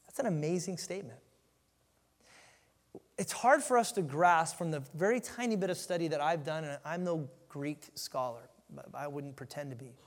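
Emphatic, animated man preaching a sermon. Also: a little high, unhurried. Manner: animated and emphatic, with frequent restarts. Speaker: pastor. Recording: long reverb in a large hall.

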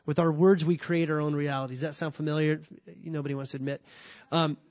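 A man's voice: a little high, little pitch movement, fast talker, a little mellow, no echo, lo-fi sound. A man teaching a sermon on scripture, conversational with dry humor and frequent restarts. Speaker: pastor.

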